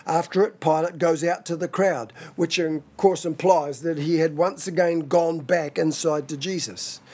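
A man preaching a sermon in a measured, expository way. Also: fairly high pitch, steady tone, mellow, husky. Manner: measured, expository, dramatizes quoted scripture.

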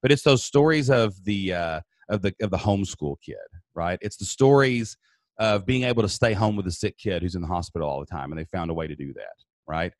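A man's voice: sits low, fairly quick, no echo, clean studio sound. Earnest man telling a dramatic story. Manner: earnest, builds intensity while retelling. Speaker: podcast guest. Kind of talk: emotional personal storytelling.

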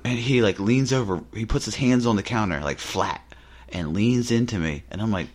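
A man's voice: fairly low pitch, moderate pace. A man co-hosting a podcast, telling casual anecdotes and acting out the people he quotes. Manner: animated, acts out quotes in his anecdotes. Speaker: podcast co-host. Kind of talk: casual storytelling chat.

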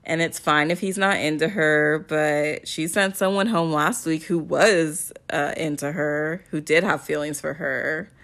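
A woman's voice: sits low, unhurried, few pauses. A young woman recapping a reality dating show in a casual chat, laughing often and acting out what the people said. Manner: laughs often, quotes people in animated voices.

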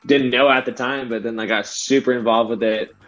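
A man in his thirties from Southern California, a guest DJ telling a story in casual chat, animated and slangy, acting out what he once said. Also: mid-range voice, fairly quick. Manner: animated, slangy, acts out his own past lines. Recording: dull lo-fi podcast audio with faint music.

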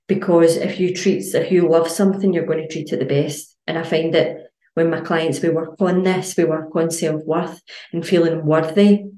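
Scottish lady health coach, lowish voice, blunt n sweary, echoey room. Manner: blunt, sweary, animated storytelling. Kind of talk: casual podcast monologue. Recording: roomy echo.

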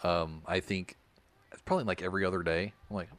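A man's voice: sits low, fairly even intonation, fairly quick, a bit bright, slight background noise. A man in his thirties chatting casually as a podcast co-host, rambling through stories and patiently explaining things. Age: 30s. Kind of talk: casual chat.

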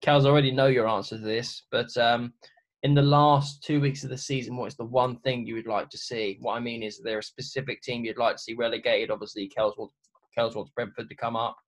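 Host, brisk and chummy, steering casual football chat. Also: male voice, medium pitch, level tone. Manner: chummy, brisk, banter-heavy. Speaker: podcast host.

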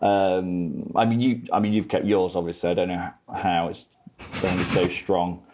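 A man's voice: low voice, steady tone, moderate pace, heavy background noise. A man with a faded Grimsby accent, a guest in a casual podcast chat, laid-back and self-mocking. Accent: Grimsby, Lincolnshire English, diluted. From England.

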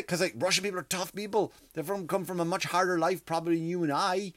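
The Irish host in his thirties talks fast in a high, slightly bright voice with fairly even intonation and hardly any pauses, on a dry recording. His comic podcast story rambles, with cursing, asides and frequent restarts.

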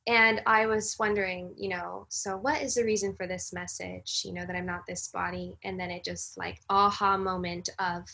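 A woman guest on a casual podcast chat, telling a personal story in an animated way and acting out the lines of others. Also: lowish voice, moderate pace, vocal fry, hardly any pauses, breathy edge. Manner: animated storyteller, acts out quoted dialogue. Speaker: podcast guest, breathwork facilitator.

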